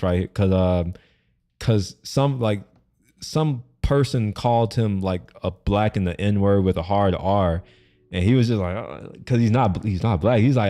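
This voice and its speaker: Low, mellow man rambling on stream. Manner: rambling, many fillers and restarts, laughs often. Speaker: streamer reacting to a video. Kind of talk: casual reaction commentary.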